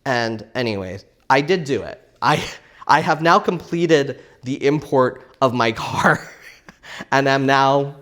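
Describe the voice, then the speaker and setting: A man's voice: medium pitch, slow pace. A man hosting a casual crafting vlog, telling a rambling story with lots of "like" fillers and laughter. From Canada. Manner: animated, laughing, frequent "like" fillers.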